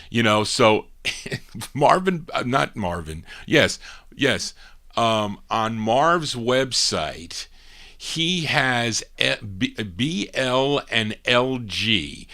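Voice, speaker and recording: A man's voice: on the low side, sharp tone. A middle-aged man hosting a live amateur radio show, rambling and correcting himself with small chuckles. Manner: rambling, self-correcting, chuckles at own slips.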